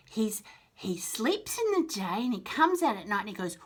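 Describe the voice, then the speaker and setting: A woman's voice: medium pitch, sing-song, normal speed, background noise. Playful woman reading to toddlers. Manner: playful, imitates animal and train noises; asks the child questions directly. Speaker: children's book reader.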